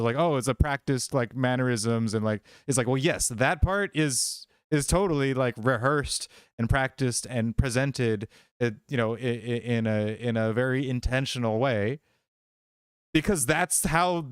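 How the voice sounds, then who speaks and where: A man co-hosting a casual commentary chat, talking in a rambling, halting, profane way. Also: mid-range voice, clean tone, no echo, clean studio sound.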